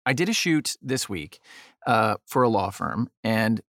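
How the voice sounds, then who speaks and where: A man's voice: fairly low pitch, unhurried, a little hiss or hum. A man being interviewed as a photographer, talking casually and acting out quotes as he tells stories. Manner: animated, acts out quotes. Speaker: guest, photographer. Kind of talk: casual interview talk, storytelling.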